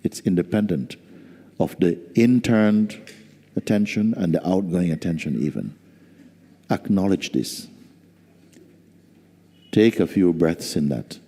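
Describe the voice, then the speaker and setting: A man as spiritual teacher giving a slow, soft-spoken satsang talk with gentle humor. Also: low-pitched, animated. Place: large hall. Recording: reverberant hall.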